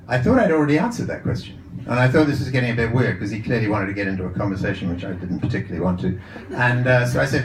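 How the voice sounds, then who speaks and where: A man's voice: mid-range voice, animated, fast talker, roomy sound, far from the mic, slight background noise, low-quality recording. A man speaking as a psychologist and coach to a live audience, telling stories in a chatty way with frequent restarts. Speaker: psychologist and coach giving a talk. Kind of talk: live talk to an audience with anecdotes. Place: event room with a live audience. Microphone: handheld or lapel mic.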